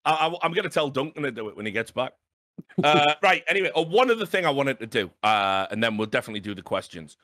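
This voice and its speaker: Man in his thirties hosting a chat show, animated and sweary, with a bright, dry, close-up sound. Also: medium pitch, fast, no room sound. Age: 30s. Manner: animated, swears freely, frequent "right?". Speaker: podcast host. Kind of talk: casual storytelling chat.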